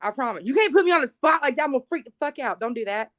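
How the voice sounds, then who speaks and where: A woman with a high voice co-hosts casual live-stream banter. She sounds flustered and exasperated and swears often. The mic is dry and close. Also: animated, racing, fairly bright tone, no echo. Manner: flustered and profane, protesting with exasperation. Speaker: co-host.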